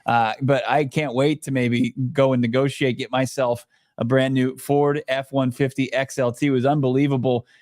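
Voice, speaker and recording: A man's voice: medium pitch, little pitch movement, normal speed, darkish tone, dry recording, clean studio sound. A man co-hosting a sports podcast, chatting casually and enthusiastically. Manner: chatty, enthusiastic salesman-like ad reads. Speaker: podcast co-host.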